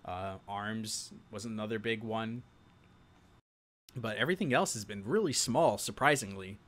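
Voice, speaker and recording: A man's voice: lowish voice, unhurried, a bit bright. A young man from New York with a New York accent, hosting a live-stream show and chatting casually with viewers, laughing often.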